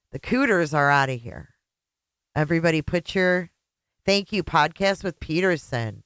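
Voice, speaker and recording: Woman, livestream host, teasing casual chat, smooth clear voice, dry close sound. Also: fairly low pitch, a bit bright, no echo.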